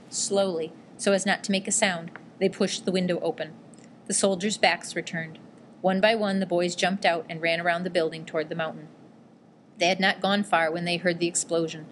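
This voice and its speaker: A woman narrating an audiobook in a steady, measured reading. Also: fairly low pitch, a little hiss or hum.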